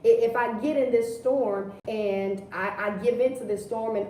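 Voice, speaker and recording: A woman preaches in a casual, conversational manner on a livestream and keeps repeating her key phrases. Her voice is high and mellow. She is recorded from a distance in an echoing room. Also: steady tone, moderate pace, a little hiss or hum. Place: indoors, livestream. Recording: echoey room, distant mic.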